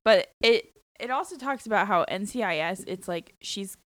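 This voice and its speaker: A woman co-hosting a casual chat podcast, chatty and quick to laugh. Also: medium pitch, animated, a bit bright, dry recording. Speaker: podcast co-host.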